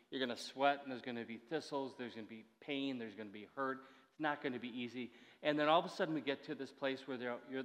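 A man's voice: mid-range voice, a bit bright. Man in his sixties preaching in a reverberant hall. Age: 60s. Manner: conversational preaching with asides and restarts. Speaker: pastor. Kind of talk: sermon.

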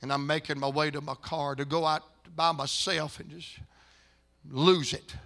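Older preacher man in church telling a story, bright pushy voice, gets loud and fired up. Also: a little high, level tone, moderate pace, creaky. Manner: folksy storytelling that builds to impassioned, shouted preaching. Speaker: pastor. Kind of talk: storytelling sermon.

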